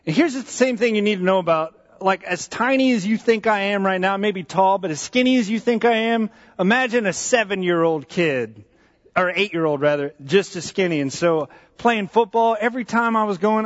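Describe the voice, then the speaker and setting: A man giving a sermon as a pastor, telling a personal story in an animated way, with asides and repeated phrases. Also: high voice, brisk. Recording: dull, echoey hall sound.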